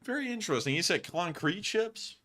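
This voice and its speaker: Reading out viewer messages on his relaxed live stream, this host jokes around, laughs a lot and repeats his phrases as he responds. He has a high, fairly bright voice that is sing-song and brisk.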